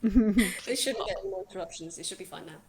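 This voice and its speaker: A woman narrating a tabletop game as game master from home, descriptive and emotive, quick to laugh. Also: mid-range voice, roomy sound, crowd noise.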